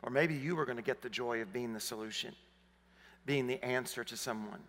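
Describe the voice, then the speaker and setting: A man in his fifties from Arkansas with a Southern accent, preaching a sermon, rising to emphatic questions and dropping low for personal stories. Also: a little fast, fairly bright tone, big-room sound. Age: 50s. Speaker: pastor. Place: large church hall.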